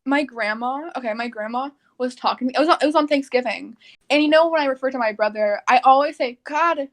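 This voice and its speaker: A young Texas woman co-hosts a podcast, chatting casually in a high, fast voice. She rambles, laughs, and fills her talk with fillers.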